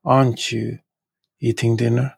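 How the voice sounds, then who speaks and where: A man teaching a podcast language lesson with a Norwegian accent, slowly repeating each example word and sentence three times. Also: medium pitch, little pitch movement, vocal fry, a little mellow, slightly rough.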